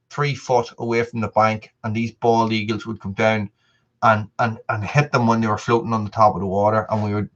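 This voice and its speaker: A man's voice: medium pitch, highs cut off. Rambling man chatting on a live stream. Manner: rambling, stumbling restarts and repeated words. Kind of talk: casual live-stream chat with viewers.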